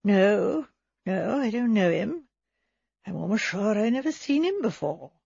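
A woman's voice: mid-range voice, sing-song, measured pace, gravelly, darkish tone, husky, no room sound, exaggerated voice. Woman voicing a mild, vague scholarly vicar. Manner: mild, puzzled. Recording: slightly dull recording.

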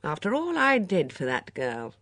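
Cheeky young man, light and easy, read by a woman, low voice. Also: wildly swooping pitch, normal speed, fairly bright tone, no echo, studio quality, heavily acted. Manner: light, tentative.

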